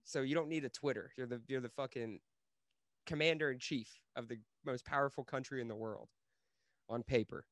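Young male podcast co-host, brash and sweary, mid-pitched, dry close sound. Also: a little fast, fairly bright tone, no echo. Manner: brash, swears a lot, laughs often. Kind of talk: casual profane chat.

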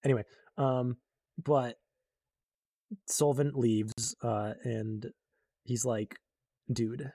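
A young man rambles through a casual story recap, full of ums and likes, and briefly acts out the characters he quotes. His voice is husky and mellow. The sound is dry and close, with no room around it. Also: mid-range voice, extremely slow, long pauses, dry recording. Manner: rambling, full of fillers, animated quoting of characters. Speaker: book recap vlogger.

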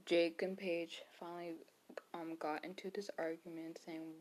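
A woman's voice: on the low side, little pitch movement, moderate pace, darkish tone. A woman retelling a story in casual chat, rambling with fillers and self-corrections, and sometimes dropping to a whisper for quotes.

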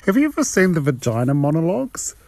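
A man's voice: on the high side, very animated, fast talker, vocal fry, a little mellow, soft background music. A man from New Zealand with a New Zealand accent, telling a personal story in a profane, frank and wry way.

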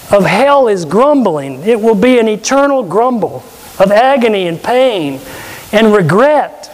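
A man's voice: very high-pitched, darkish tone. A man preaching a sermon, earnestly quoting scripture and asking rhetorical questions. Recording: long hall reverb.

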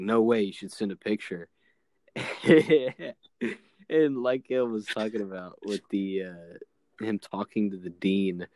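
A young man co-hosting a casual chat, laughing often and rambling in a relaxed way. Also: fairly low pitch, dry recording. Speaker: co-host.

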